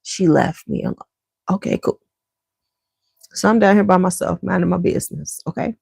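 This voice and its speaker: A middle-aged woman tells a rambling family story straight to her viewers in a loose, chatty way. Her voice sits fairly low with a gravelly edge. The sound is close and dry, with no room echo, from her home basement. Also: normal speed, a little mellow. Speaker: vlogger.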